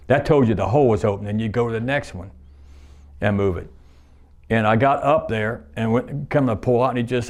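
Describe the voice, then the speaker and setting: A man's voice: medium pitch, darkish tone. A man in his sixties, a retired plant worker, reminiscing in a rambling, folksy way, repeating himself and using nonstandard grammar.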